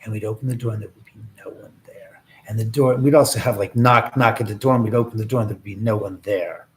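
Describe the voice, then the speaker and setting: A man's voice: lowish voice, fairly even intonation, fast, slight background noise. A man hosting a casual livestream, talking in a rambling, joking way with many restarts and asides to his viewers. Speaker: livestream host and filmmaker.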